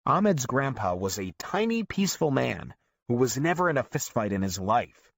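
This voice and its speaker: A man reads a memoir aloud, his pitch rising and falling in an animated storytelling way. The sound is dry and close-miked, with no room around it. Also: moderate pace, creaky, no room sound. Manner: lively, storytelling. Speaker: audiobook narrator. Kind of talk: scripted narration.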